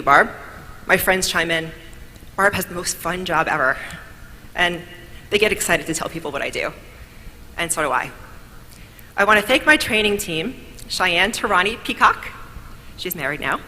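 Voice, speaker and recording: An award speaker from New York, a woman, thanks the audience with upbeat energy and tells a story as she goes. Her bright voice runs a little lower than most, and a long hall reverb lingers over faint background noise.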